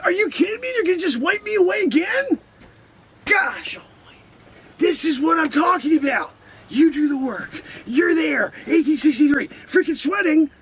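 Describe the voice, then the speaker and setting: A man's voice: extremely high pitch, normal speed. A man playing a boastful, melodramatic time-traveling man who rants in exasperation in an improvised comedy sketch. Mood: aggrieved. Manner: exasperated rants, shouting, frequent exclamations.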